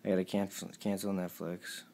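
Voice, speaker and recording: A young man reading out a string of text messages, pleading and emotional, his voice sometimes dropping low and quiet. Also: level tone, fairly quick, vocal fry, a little hiss or hum. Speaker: vlogger.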